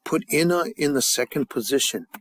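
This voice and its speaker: A man at a mid pitch leads a classroom lesson in a loose, casual way. He slows right down to drill phrases, then drifts into easy, rambling explanations. The sound is dry and close. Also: expressive, fairly bright tone, no echo. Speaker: language teacher.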